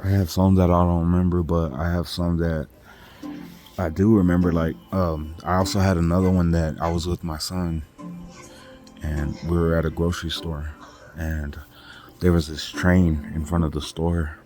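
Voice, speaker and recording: A man's voice: low-pitched, flat delivery, normal speed, over music. A man from California telling a personal story in a casual, rambling way, full of "like" and "you know". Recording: crowd chatter clearly audible behind.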